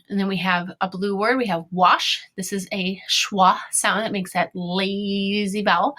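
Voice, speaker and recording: Bright-voiced woman teaching phonics to kids. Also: medium pitch. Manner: sounds out words slowly, upbeat and encouraging. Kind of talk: online phonics lesson for children.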